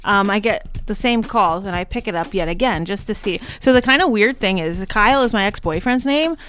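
A young woman chats on a morning radio show in a smooth, clear voice. She rambles through her story with plenty of fillers and giggles. Her pitch sits in a middle range. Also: expressive, brisk, a bit bright. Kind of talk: casual on-air chat. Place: radio studio.

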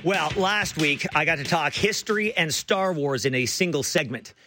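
A man hosting a radio talk show, chatting excitedly with frequent stumbling restarts. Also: on the high side, moderate pace, over music. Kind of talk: casual radio chat.

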